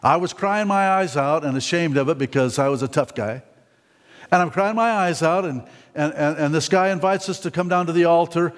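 A man's voice: a little high, normal speed, long reverb tail. A man preaching a candid, folksy sermon testimony in church, often repeating words as he talks.

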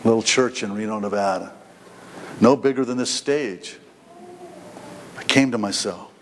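A middle-aged male pastor delivering a heartfelt sermon from a church stage, stumbling over repeated words as he presses his point. His voice rings with a long hall reverb, and faint noise sits underneath. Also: unhurried. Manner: emotional, stammering repetitions, rising pitch when voicing the prodigal son.

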